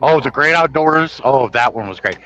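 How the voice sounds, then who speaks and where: A man's voice: mid-range voice, expressive, normal speed, fairly bright tone, rough recording. A man hosting a casual chat, retelling movie scenes in a rambling, self-correcting way. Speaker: host. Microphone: podcast microphone.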